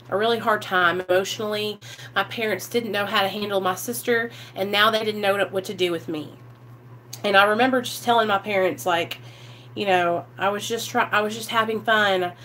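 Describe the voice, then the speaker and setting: A woman, candidly telling her life story to the camera, animated and swearing freely, acting out what people said. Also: mid-range voice, a little hiss or hum. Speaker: vlogger sharing recovery story.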